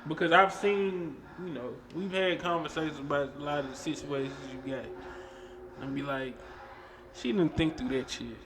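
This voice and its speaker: A man hosting a podcast, talking in an animated, emphatic way and swearing freely. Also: a little high, moderate pace, background noise. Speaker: podcast host. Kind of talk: casual chat.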